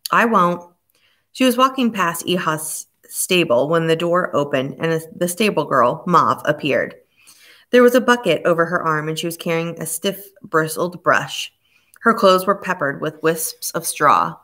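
A woman with a low voice narrates a suspense novel. Her reading is steady and measured, with an even, unhurried delivery. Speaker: audiobook narrator. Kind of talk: scripted narration.

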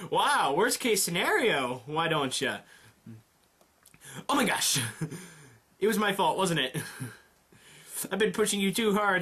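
A man's voice: high-pitched, a bit bright, husky, exaggerated voice. A man doing a frantic teenage girl athlete. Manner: frantic, fast self-blaming outbursts. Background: background music.

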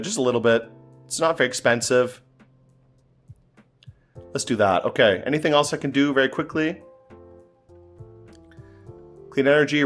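A man's voice: mid-range voice, fairly bright tone. A man giving casual, exasperated gameplay commentary, talking to himself and swearing as things go wrong. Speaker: gaming commentator.

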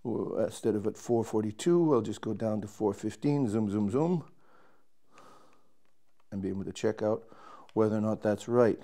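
A man's voice: fairly low pitch, a little fast, hardly any pauses, warm tone. A man, a trumpet player, casually explaining and demonstrating his instrument, thinking aloud as he works and restarting his sentences.

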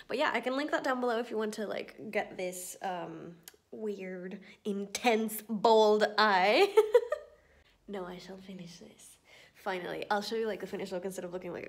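A tired woman talks to camera at home in an easy, rambling vlog manner. She laughs often and sometimes slips into a soft whisper for her asides. Her voice sits at an ordinary middle pitch for a woman. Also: normal speed. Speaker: vlogger. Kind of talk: casual rambling vlog chat. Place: at home indoors.

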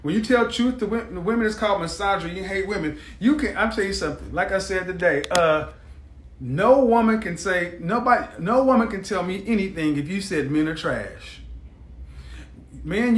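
A man's voice: sits high, lively intonation, normal speed, reverberant. A man hosting a live stream, ranting in a blunt, mocking, combative way.

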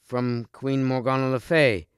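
A man voicing a fierce, proud knight who taunts his foe in a loud, raised voice, in a storybook reading. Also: mid-range voice, level tone, measured pace, clear, resonant tone, no room sound, studio quality, voice pushed up, natural voice. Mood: proud, grim.

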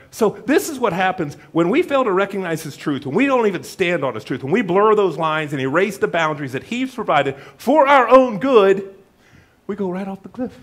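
A man's voice: high voice, brisk. A man preaching a sermon in a church, telling a folksy joke story and acting out the voices of its characters. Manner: animated storytelling with acted-out voices; jokey, folksy. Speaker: pastor.

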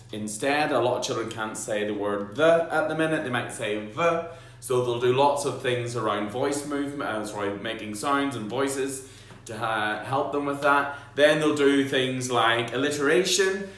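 A man's voice: medium pitch, fairly bright tone. A man, a primary school teacher, explaining phonics to parents in a playful, jokey way and sounding out letters and noises aloud. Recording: very echoey room.

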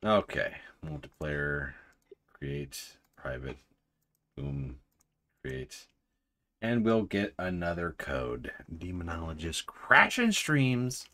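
A woman's voice: extremely low pitch, very animated, slow, fairly bright tone. A woman hosting a game livestream, chatting casually and narrating what she clicks. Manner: laid-back, narrating game menus. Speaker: streamer host.

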